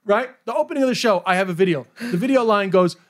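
Animated, high-voiced man telling stories. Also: fast. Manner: animated storyteller who swears often and acts out dialogue. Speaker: comedian. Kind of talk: casual podcast interview.

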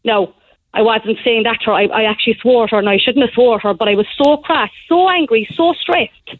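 A woman's voice: on the high side, a little hiss or hum. Woman telling a story down a phone line. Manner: animated storyteller, fast and breathless. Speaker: caller. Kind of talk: phone-in call to a radio show.

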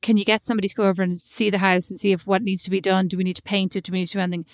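A woman's voice: medium pitch, little pitch movement, very fast, no echo, clean studio sound. A woman co-hosting a podcast, chatting and telling a story, acting out the people she quotes. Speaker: podcast co-host. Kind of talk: casual chat.

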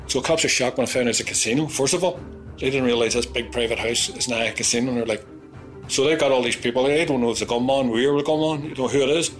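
A Belfast-accented man tells a rough story in a blunt, profane rush, swearing freely and acting out other people's lines. His voice sits at an ordinary middle pitch. Faint music plays underneath. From Belfast, Northern Ireland. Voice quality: blunt, profane, animated retelling with acted-out quotes. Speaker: interviewee recounting his past. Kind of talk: vivid storytelling, heavy swearing.

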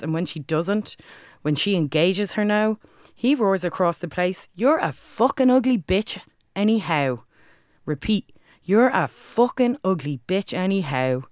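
A woman with a Dublin accent performs a rhythmic spoken-word poem with forceful, crude language. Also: on the low side, clean tone, no room sound, clean studio sound. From Ireland. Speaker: guest, spoken word artist.

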